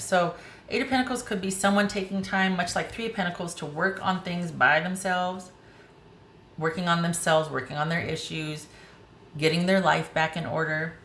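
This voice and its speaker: A woman's voice: lowish voice, a bit bright. A woman doing a casual tarot reading, chatty and emotional, thinking aloud as she turns the cards. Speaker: tarot reader. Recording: roomy with faint hiss.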